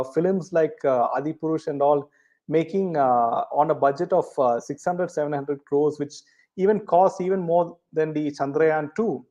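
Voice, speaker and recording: A man's voice: a little high, a little mellow. A man hosting a casual live chat, reading viewer comments, full of ums and uhs and often ending points with "right?". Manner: hesitant, many ums and uhs; rhetorical, ends points with "right?".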